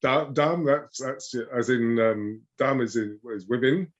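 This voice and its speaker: A man's voice: mid-range voice, a little slow, lo-fi sound, slight background noise. A man, a rose expert patiently teaching pronunciation in a casual interview chat.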